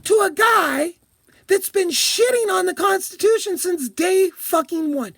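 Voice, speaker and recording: Woman, very high voice, angry swearing rant, shouting, dry recording. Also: animated, a little slow, no echo. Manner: profane, heated, shouting at times. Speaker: vlogger.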